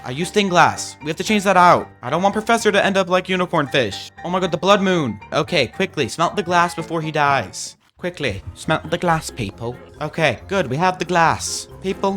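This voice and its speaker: Upbeat man, bright and forceful tone, chatty gameplay commentary with excited yelps. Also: fairly high pitch. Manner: playful, chatty, with sudden excited outbursts. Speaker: gaming video creator.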